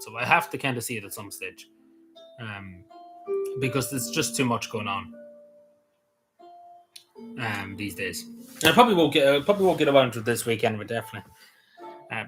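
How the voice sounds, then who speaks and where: A man with a Cavan Irish accent talks loosely on a livestream, circling back over the same point and answering viewers' messages as they come in. His voice sits at an ordinary middle pitch, with quiet music playing somewhere behind him. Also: low-quality recording. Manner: rambling, repeats himself, answers chat messages. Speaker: livestream host. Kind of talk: casual livestream chat.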